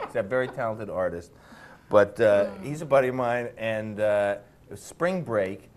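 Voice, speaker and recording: A man telling an anecdote as a game show contestant, animated and acting out the dialogue. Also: lowish voice, slight background noise. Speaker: celebrity contestant.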